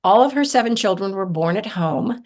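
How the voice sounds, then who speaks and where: A woman from southern Ohio tells stories as a podcast guest. She talks in an animated, chatty way, with lots of fillers and asides, at a middle pitch. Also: moderate pace. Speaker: herbalist guest. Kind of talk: casual storytelling interview.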